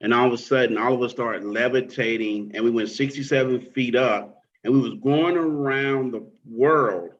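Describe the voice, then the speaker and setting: A man in a casual group chat, telling an excited, rambling story. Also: medium pitch, normal speed, hardly any pauses. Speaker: participant. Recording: dull lo-fi sound.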